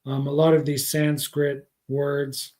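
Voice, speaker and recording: Man, scripture teacher, casual livestream lesson, rambling with fillers, mellow tone, slightly high pitch. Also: completely flat delivery, takes it slowly. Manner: rambling, many fillers, thinks aloud. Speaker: spiritual teacher.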